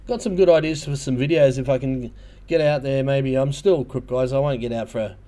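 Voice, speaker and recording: An Australian man talks casually to his livestream viewers, his voice sitting at an ordinary middle pitch. He wanders through his stories with lots of ums and false starts. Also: brisk, warm tone. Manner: rambling storytelling with many ums and restarts. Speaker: livestream host.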